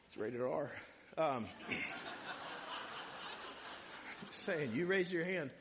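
A man's voice: a little high, lively intonation, slow pace, muffled recording, noisy background. A man preaching a sermon in a church, in a conversational way that builds to emphatic points. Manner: conversational, rising to emphatic, acts out imagined speakers.

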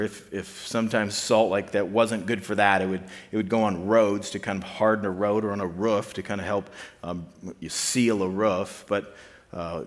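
A man's voice: deep voice, long reverb tail. A man giving a conversational sermon to a student ministry, casual and full of fillers, repeating key points for emphasis.

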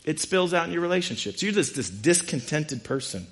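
A man's voice: fairly high pitch, very animated, fairly quick. Man preaching with playful rhetorical questions. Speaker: pastor. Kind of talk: sermon. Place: room with a live congregation.

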